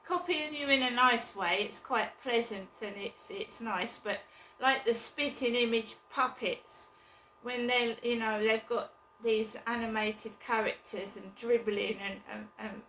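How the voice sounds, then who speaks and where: A woman vlogging from her flat, chatting casually and bluntly in a rambling way, with occasional swearing. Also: on the high side, unhurried, roomy sound, slight background noise, poor audio. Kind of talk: casual chat to camera.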